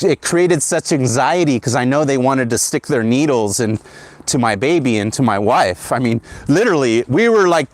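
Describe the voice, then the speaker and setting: An agitated man delivers a rambling, heated monologue as the host of his own show. He keeps checking in with the listener by ending lines with "right?" His voice sits at an ordinary male pitch, neither low nor high. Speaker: podcast host. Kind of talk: ranting monologue.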